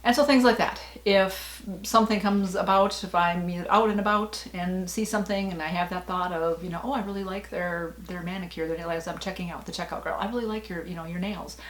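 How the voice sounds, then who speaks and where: A middle-aged woman talks casually to camera in a somewhat low voice and wanders from thought to thought. She leans on fillers and light laughs. The room around her is noticeably echoey. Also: steady tone, a little fast, hardly any pauses. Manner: chatty, rambling, frequent fillers and laughs. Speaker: vlogger. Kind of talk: casual personal vlog talk.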